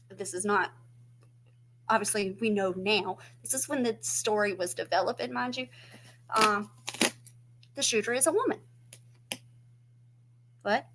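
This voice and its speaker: A woman's voice: mid-range voice, fairly bright tone. A woman, chatting casually to camera as a true crime YouTube host and telling stories. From Southern United States. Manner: chatty storyteller, acts out quoted voices.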